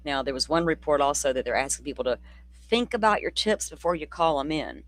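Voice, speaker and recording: This is a true crime host, riffing loosely to viewers in a livestream chat. The talk is blunt and sardonic, with swearing and tangents. The voice sits mid-pitched and sounds dry and close. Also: expressive, brisk, fairly bright tone, no echo. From Florida, near the Alabama state line. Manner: chatty, loose, rambling. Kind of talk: casual livestream commentary.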